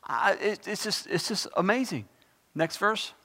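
A man's voice: high voice, animated, measured pace. A man preaching on scripture, reading verses with rising passion and breaking into conversational asides. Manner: impassioned, rising loud when reading scripture. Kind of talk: Bible teaching sermon. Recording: long hall reverb.

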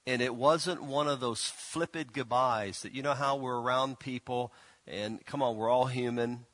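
A man's voice: mid-range voice, fairly bright tone, no room sound. A man preaching a casual sermon, folksy and teasing, often restarting and stumbling over his words. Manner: folksy, teasing, halting with many restarts and fillers. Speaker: pastor. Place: church.

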